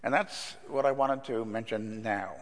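An older man preaching a sermon in a church, telling a story in a relaxed, conversational way with fillers. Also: on the low side, a little slow. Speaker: pastor. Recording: long reverb in a church hall.

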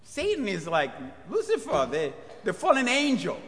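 A man preaching a sermon, telling gospel stories in a lively way and acting out the voices of the figures. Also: very high voice, moderate pace, few pauses, breathy edge. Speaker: pastor. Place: church. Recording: long church reverb.

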